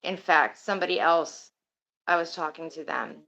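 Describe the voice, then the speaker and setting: Lowish-voiced woman rambling to her stream chat, swears a bit, kinda muffled sound. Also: moderate pace, creaky, a bit bright. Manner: rambling and chatty, swears casually. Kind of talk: casual livestream chat.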